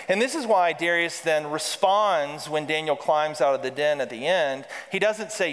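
A man's voice: on the high side, normal speed, hardly any pauses, a bit bright. A man preaching a sermon as pastor, reading scripture aloud with emphasis and calling the congregation to repeat lines back. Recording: reverberant hall.

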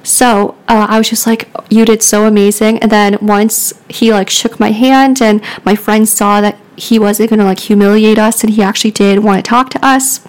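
A woman telling a story on her podcast in a loose, rambling way. Her speech is full of "like" fillers, and she laughs a lot as she goes. Her voice sits in a mid pitch. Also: steady tone, moderate pace, hardly any pauses, poor audio. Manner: rambling, filler-heavy with frequent "like"; giggly, laughs often. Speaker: podcast host. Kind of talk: casual storytelling.

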